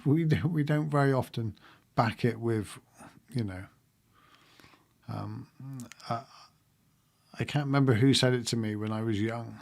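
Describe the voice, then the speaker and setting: A man's voice: mid-range voice, darkish tone. A man hosting a livestream, talking casually and reflectively to his viewers and laughing often. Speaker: livestream host.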